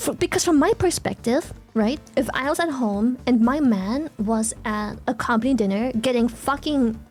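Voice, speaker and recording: High-voiced woman ranting on stream. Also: normal speed, faint music behind. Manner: animated ranting, swears freely, reacts to chat. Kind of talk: casual live-stream chat.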